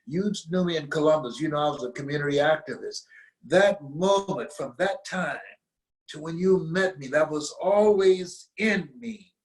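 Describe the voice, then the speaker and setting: Here an older US man with a fairly high pitch recounts a motivational story as an interview guest. He slows on key phrases for emphasis, and the recording is low quality.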